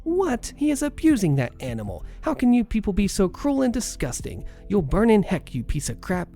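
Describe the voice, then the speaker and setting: A man's voice: high-pitched, big pitch swings, measured pace, creaky, mellow, soft background music, voice pushed up, exaggerated voice. A man doing a screechy, scornful rude woman. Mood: shrill, scornful. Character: rude entitled middle-aged woman, shrill and hostile.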